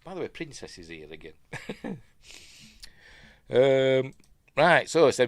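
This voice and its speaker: A man's voice: mid-range voice, very animated, measured pace, long pauses, no room sound, studio quality. A middle-aged man with a Yorkshire accent giving casual, chatty commentary on a film he's reviewing, full of asides and self-corrections. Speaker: film reviewer, channel host.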